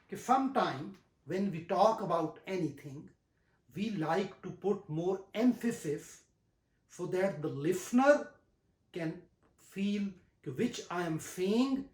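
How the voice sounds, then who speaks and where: A teacher giving a grammar lesson, talking deliberately, repeating key terms and reciting verses slowly. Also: medium pitch, lively intonation, darkish tone. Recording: roomy echo.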